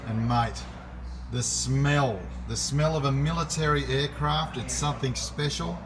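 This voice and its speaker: An older man with an Australian accent, chatting excitedly in matey banter about old planes in a hangar. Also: mid-range voice, unhurried, background noise. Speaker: aviation vlogger. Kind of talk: casual chat. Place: aircraft hangar.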